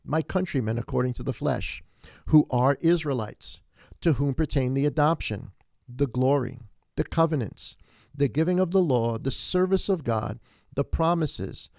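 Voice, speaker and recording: Male pastor mid-sermon, mid-pitched, close and dry mic, preaches with climbing emphasis. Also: moderate pace, vocal fry, dry recording. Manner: animated preaching, rising to emphatic peaks, frequent restarts.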